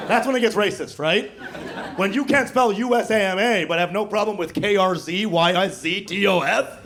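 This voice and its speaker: A man's voice: a little high, brisk, a little hiss or hum. A man from Texas doing a brash stand-up comedy set, bantering with the crowd. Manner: brash, crowd-work banter, puts on voices for quotes. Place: comedy club stage with audience. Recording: loud audience laughter behind.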